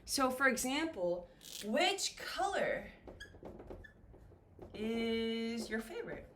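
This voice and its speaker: A woman teaching a beginner English lesson, speaking slowly and clearly and acting out example questions. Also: on the high side, noisy background. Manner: slow and lively, with acted-out example questions.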